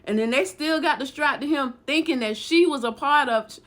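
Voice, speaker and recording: A woman casually telling a true story, animated and acting out the dialogue as she goes. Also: high-pitched, moderate pace.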